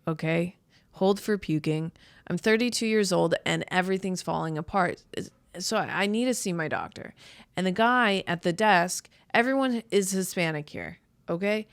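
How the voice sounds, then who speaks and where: A woman's voice: lowish voice, animated, moderate pace, vocal fry, dry recording. Rambling woman comic in her thirties. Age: 30s. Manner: rambling, self-deprecating, heavy use of "like". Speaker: podcast host, comedian. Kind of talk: casual comedic monologue.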